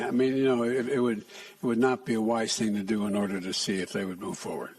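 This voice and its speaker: An older man answering reporters' questions at a press conference, speaking haltingly with frequent restarts and soft asides. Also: on the low side, little pitch movement, far from the mic. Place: press room.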